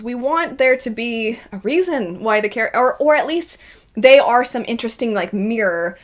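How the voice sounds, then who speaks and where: Animated woman reviewing a show. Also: fairly high pitch, moderate pace. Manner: animated, acts out quoted reactions. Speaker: video reviewer. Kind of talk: casual spoken review.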